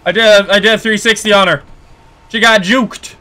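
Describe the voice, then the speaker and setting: A man hosting a horror game playthrough, talking casually and reacting loudly, yelping at scares and grumbling when frustrated. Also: high voice, steady tone, normal speed. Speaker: gaming video host. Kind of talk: let's play commentary.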